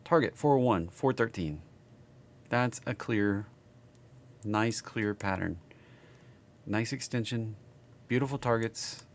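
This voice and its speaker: A man's voice: lowish voice, takes it slowly, long pauses, slight background noise. A man with a Southern accent, casually reading stock charts on a live stream and chatting with viewers.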